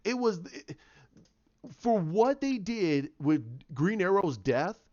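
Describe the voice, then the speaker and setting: A man reviewing a TV episode in a casual vlog, excitable and ranting, repeating himself as he makes his points. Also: high voice, slow. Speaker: TV show reviewer. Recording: dull lo-fi sound.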